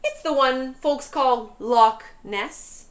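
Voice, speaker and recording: A woman's voice: high voice, takes it slowly, pitched above the performer's own voice. A woman voicing a jolly old uncle in a storybook.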